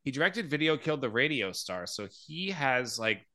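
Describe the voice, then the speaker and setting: A man's voice: mid-range voice, sing-song, normal speed, sharp tone. A man hosting a podcast in casual chat, talkative, laughing often and joking at his own expense. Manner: chatty, laughs often, self-deprecating. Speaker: podcast host.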